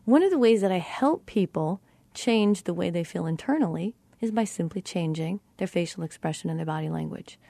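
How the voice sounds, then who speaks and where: A middle-aged woman giving a teaching talk about tone of voice and self-talk, speaking deliberately and shifting her inflection to show how phrases change meaning. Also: lowish voice, animated, warm tone, dry recording. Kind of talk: teaching monologue.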